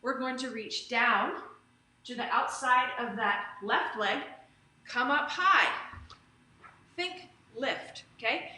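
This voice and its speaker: Bright, high-voiced woman leading a workout. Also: slow, long pauses, a little hiss or hum. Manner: upbeat, chatty, drifts into tangents. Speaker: fitness instructor. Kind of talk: live online exercise class. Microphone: camera or phone streaming live. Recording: roomy echo.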